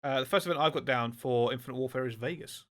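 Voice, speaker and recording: A man hosting a casual podcast, animated and quick to chime in. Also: mid-range voice. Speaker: podcast host.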